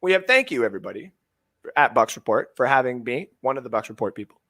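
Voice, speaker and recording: A Canadian man in his thirties co-hosting a sports podcast, ranting with heavy swearing, swinging from shouting to muttering. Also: medium pitch, big pitch swings, quick pace. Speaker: fantasy sports podcast co-host.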